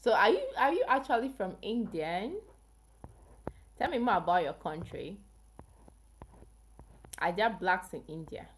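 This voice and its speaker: A woman's voice: mid-range voice, animated, measured pace, long pauses, slight background noise. A woman from Africa hosting a casual health livestream, chatting with viewers and asking them questions. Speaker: health channel livestream host.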